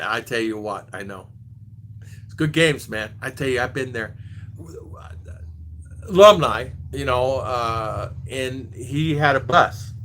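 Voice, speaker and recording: A man's voice: medium pitch, pushed and bright, slight background noise. A man in his sixties from the United States, telling rambling stories in a casual vlog chat, often restarting and trailing off. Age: 60s. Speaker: vlogger.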